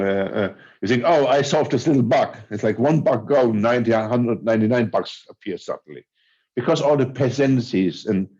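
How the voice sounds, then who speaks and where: A man speaking as a gives a talk over a video call in a relaxed, conversational way. He hesitates and restarts often. His pitch sits in a middle range, and the audio sounds dull and lo-fi. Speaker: conference speaker. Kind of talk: online conference talk.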